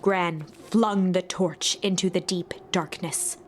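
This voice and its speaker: A woman narrating a video game in a soft, even storytelling voice, sometimes dropping to a whisper. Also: on the low side, slow, a little hiss or hum.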